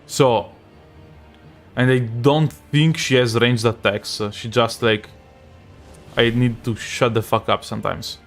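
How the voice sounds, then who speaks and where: Speaking slowly in a steady, mid-range tone with long pauses, a young streamer from Italy with a strong accent narrates his live game as faint music plays. He wanders, restarts sentences often, and answers his chat as he goes.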